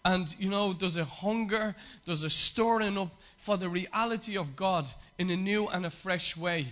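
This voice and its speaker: Man, pastor, sermon, bright voice, repetitive emphasis. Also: sits high, moderate pace. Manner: emphatic repetition, frequent fillers.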